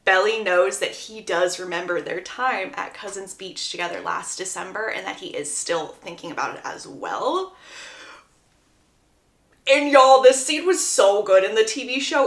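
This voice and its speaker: A woman's voice: a little high, a bit bright, roomy sound. A young woman retelling the plot of a novel in a chatty, enthusiastic way, quoting the characters as she goes. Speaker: book summary creator.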